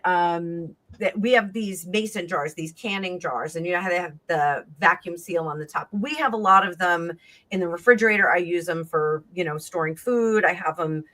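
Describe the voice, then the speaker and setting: Chatty woman with a lowish voice. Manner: rambling, animated, acts out quoted dialogue. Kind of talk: casual storytelling on a live stream.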